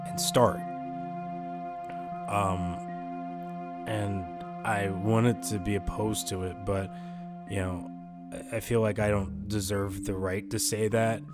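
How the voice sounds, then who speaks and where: A young man speaking an in-character role-play monologue for a gaming channel, halting and hesitant with many fillers. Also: lowish voice. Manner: halting, hesitant, full of "you know". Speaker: gaming YouTuber. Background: background music.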